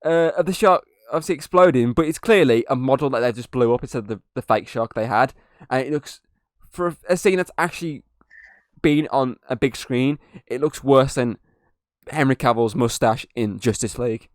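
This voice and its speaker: A man's voice: mid-range voice, moderate pace, dry recording, clean studio sound. A man hosting a podcast, reviewing a movie in casual chat, swearing freely and laughing at scenes. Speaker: podcast host.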